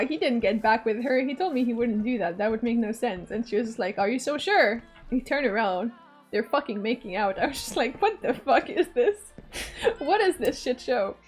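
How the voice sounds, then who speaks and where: Young woman streamer, from Canada, animated storytelling, fairly high voice, faint music behind. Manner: animated, swears and laughs often. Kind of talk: casual storytelling while gaming.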